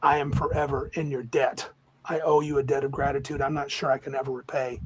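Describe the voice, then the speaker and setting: A man's voice: a little high, fairly even intonation, normal speed, darkish tone, slight background noise, lightly acted, poor audio. A man voicing an ancient male elf mage who speaks in a solemn, grateful, formal way with sighs.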